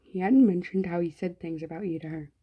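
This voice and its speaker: A woman hosting a gaming video, reading the story aloud and breaking off into loose, slangy, swearing commentary. Her voice is husky and mellow, with a warm, low-key tone. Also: a little fast. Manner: casual and chatty, swears, slangy asides. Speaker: gaming channel host.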